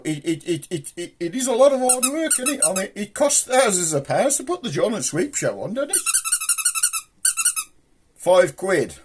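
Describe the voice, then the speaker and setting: A man with a broad Black Country accent chats to viewers as host of a small comedy show. He rambles and jokes in thick local dialect, his voice sitting a little high and swinging widely in pitch. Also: slight background noise. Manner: joking, rambling, dialect-heavy. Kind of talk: rambling comic chat to viewers.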